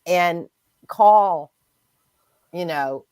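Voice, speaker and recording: A woman hosting a casual spiritual chat, speaking in a gentle, reflective and heartfelt way. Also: fairly low pitch, extremely slow, clear, resonant tone, no echo. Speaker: host.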